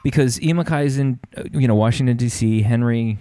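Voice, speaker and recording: A man's voice: mid-range voice, fairly quick, warm tone, dry recording, clean studio sound. A man casually chatting as a podcast host, rambling with many fillers and restarts. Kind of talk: casual chat about music.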